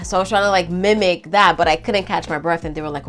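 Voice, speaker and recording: A woman in her thirties chatting casually to her viewers, telling a personal story in an animated, talkative way. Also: lowish voice, quick pace. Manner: chatty, animated, addresses viewers as girl and y'all.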